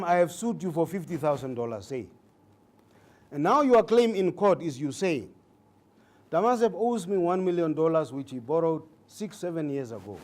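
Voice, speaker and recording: Male judge as lecturer: deliberate, emphatic, repeats key points, warm slightly raised voice, occasional fillers. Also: on the high side. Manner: speaks with hesitations and fillers. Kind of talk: legal training lecture.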